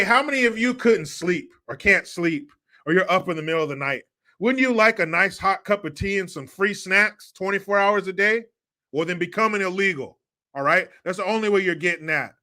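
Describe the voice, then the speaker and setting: Man, live-stream commentary, sarcastic, mocking, profane, sharp bright tone. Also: high voice. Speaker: livestream commentary host.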